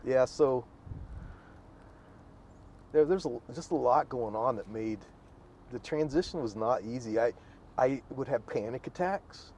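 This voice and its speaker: A mid-pitched man speaks as an interview guest in a relaxed conversation. He halts, stammers and restarts his sentences, with a faint hiss in the background. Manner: halting, stammering, restarts often. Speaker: guest, former Marine.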